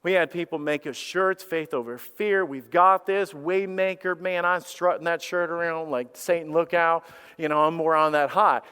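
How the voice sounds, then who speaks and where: A middle-aged man preaches from the pulpit, his voice a touch high and very clear. He tells his story in animated bursts, stumbling and restarting as he acts out what people said. A long church reverb trails each phrase. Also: moderate pace. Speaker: pastor. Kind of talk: sermon with personal story. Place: church sanctuary.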